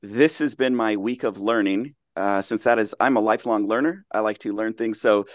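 A man's voice: on the low side, moderate pace, no room sound, clean studio sound. A man with an American accent, chatting casually as a podcast guest and laughing readily. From United States.

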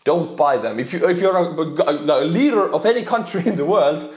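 A man from Estonia with an Estonian accent, reacting to cartoons in rapid, excitable commentary. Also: on the high side. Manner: rapid, excitable, laughing asides. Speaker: YouTuber reacting to videos. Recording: roomy echo.

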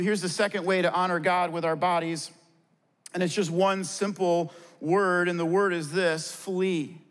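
On a church stage before his congregation, a pastor with a notably high voice preaches earnestly and briskly, posing questions and answering them himself. A long, lingering reverb carries his words through the large hall.

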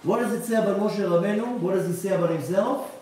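A man's voice: high voice, fast. A male rabbi giving a live Torah lecture, acting out the people he quotes and asking his listeners rhetorical questions. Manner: animated, acts out the people he quotes; asks the audience rhetorical questions. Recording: very echoey, distant mic, faint background noise.

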